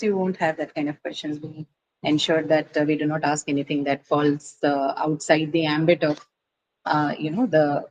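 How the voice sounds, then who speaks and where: A woman teacher patiently explains word stress to her class, thinking aloud and dropping in fillers like "uh" and "you know." Her low voice is a little mellow, and the poor audio carries some hiss or hum.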